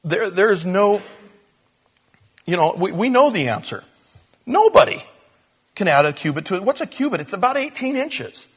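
A man preaching a sermon, shifting between soft hushed moments and loud, animated storytelling. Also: high voice, normal speed, slightly rough. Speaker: pastor.

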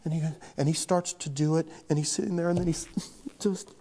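A man's voice: a little high, steady tone, a little fast, dark tone. A man preaching a sermon as pastor, telling stories with self-deprecating humor and acting out the voices of the people in them. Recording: long hall reverb.

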